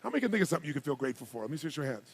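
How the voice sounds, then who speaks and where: A man giving a live seminar address as a motivational speaker, firing rapid questions and commands at the audience. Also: a little high, very animated. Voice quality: gravelly, husky voice.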